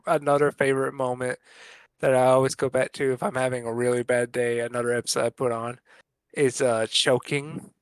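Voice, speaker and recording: Co-host, casual chat, mid-pitched, animated storyteller, dry close mic. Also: brisk, clear, resonant tone, no room sound. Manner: animated retelling of cartoon scenes with laughter. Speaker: podcast co-host.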